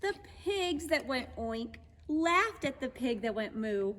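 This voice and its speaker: A woman gently and patiently teaching children a lesson on horses and reading them a storybook aloud. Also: sits high, very animated, slow pace, big-room sound. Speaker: children's horse program instructor.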